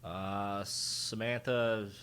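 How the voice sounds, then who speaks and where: A man's voice: on the low side, fairly even intonation, drawn-out words, a bit bright, slight background noise. A man co-hosting a podcast, chatting casually in a laid-back way with short replies. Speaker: podcast co-host. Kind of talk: casual chat.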